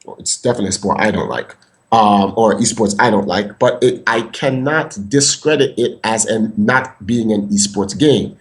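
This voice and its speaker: A man's voice: fairly low pitch, normal speed. A man hosting a podcast in a casual, emphatic, profane rant that rambles from point to point. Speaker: podcast host.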